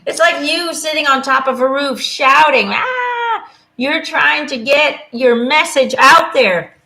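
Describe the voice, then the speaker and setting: A woman doing a live angel card reading, speaking gently and reassuringly and often checking in with "okay?" and "you know?". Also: high-pitched, unhurried. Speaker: intuitive angel card reader. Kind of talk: live card reading, casual spoken guidance.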